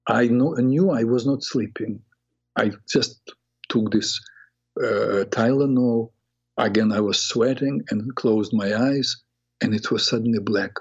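An older man, a psychotherapist hosting a talk show, telling a personal story in an earnest, reflective way with halting restarts. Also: medium pitch, vocal fry, husky. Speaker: radio show host and psychotherapist. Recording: dull lo-fi radio audio.

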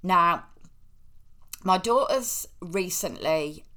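Woman, middle-aged, decor host, opinionated and chatty, forceful, fairly low. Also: lively intonation, very slow. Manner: chatty and opinionated, with self-mocking asides. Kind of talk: casual solo monologue.

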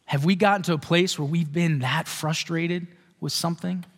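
A male pastor preaching in a high, light voice with a relaxed, conversational delivery, often turning questions back to his listeners. His words ring out with the long echo of a church hall. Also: moderate pace. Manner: conversational, asks the congregation questions. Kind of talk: sermon.

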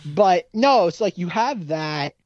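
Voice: mid-range voice, animated, takes it slowly, dry recording. Rambling podcast host on a dull mic. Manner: rambling, heavy use of "like", restarts. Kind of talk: casual movie recap.

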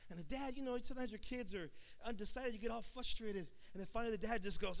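High, bright-voiced shouting preacher. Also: male voice, animated, fast, vocal fry. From Sacramento area. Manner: builds to shouting, sing-song climaxes. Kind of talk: sermon.

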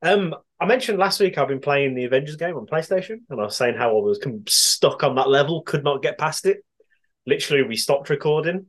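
A laid-back man co-hosting a podcast, swearing casually and laughing often. His pitch rises and falls a lot as he talks. He keeps a relaxed, easygoing tone. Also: a little fast. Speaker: podcast co-host. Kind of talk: casual chat.

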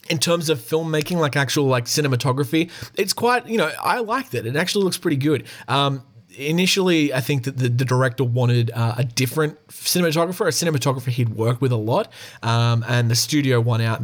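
A man giving a casual, rambling film review, frank and profane, with frequent fillers and chuckles. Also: medium pitch.

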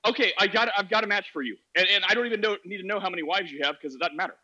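A man's voice: sits high, very fast, sharp tone, slightly rough, highs cut off. A man hosting a podcast, telling a story in a sarcastic, laughing, casual way on a social audio app. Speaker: podcast host.

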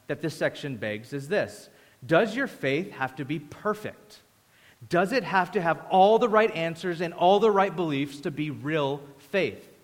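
High-voiced pastor preaching in a hall. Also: male voice. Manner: conversational, acts out voices in quotes. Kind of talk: sermon. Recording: echoey hall reverb.

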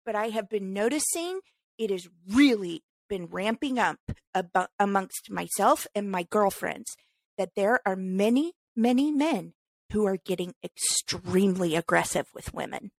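A woman's voice: medium pitch, animated, a little slow, creaky, dry recording. A woman co-hosting a casual podcast, talking in an emphatic, ranting way. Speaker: podcast co-host.

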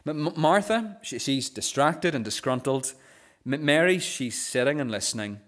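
A male pastor preaching a sermon, often stammering on first sounds and dropping softer on key phrases. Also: mid-range voice, expressive, normal speed.

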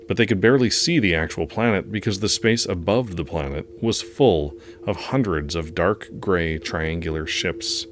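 A man reading a story aloud in an earnest, steady narrating manner. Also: low voice, moderate pace, few pauses, a little hiss or hum.

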